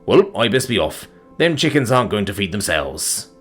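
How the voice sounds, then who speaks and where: An easygoing old farmer chats in a low, homely voice with a lively lilt, played by a male narrator. Faint music plays underneath. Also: brisk. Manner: homely, relaxed rural turns of phrase.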